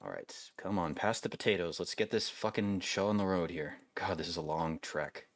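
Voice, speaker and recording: Man, casual gaming commentary, rambling, laid-back, lowish voice, dry close sound. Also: lively intonation, moderate pace, dry recording. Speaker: gaming video host. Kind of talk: casual let's-play commentary.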